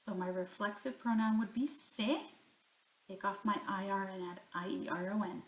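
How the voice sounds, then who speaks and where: A woman's voice: mid-range voice, normal speed. Woman teaching grammar in an echoey room. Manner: talks herself through each step, asking and answering her own questions. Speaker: Spanish teacher. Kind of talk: grammar lesson walkthrough.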